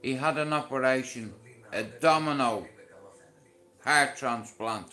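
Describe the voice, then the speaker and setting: A man's voice: mid-range voice, takes it slowly, pushed and bright. A middle-aged Irish man telling a personal family story to camera in a blunt, heartfelt way, swearing freely. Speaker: vlogger.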